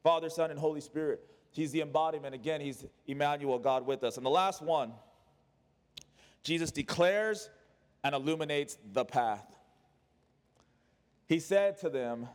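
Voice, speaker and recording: A man with a high voice preaches a sermon. He swings from urgent, raised lines down to hushed, low ones. His voice rings out with a long reverb, as in a church hall. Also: normal speed, pauses often. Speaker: pastor.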